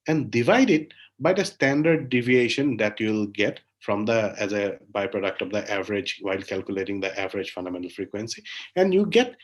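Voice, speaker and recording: Man explaining, checking in with "right?". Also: lowish voice. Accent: Indian English. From India. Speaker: lecturer. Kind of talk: academic lecture.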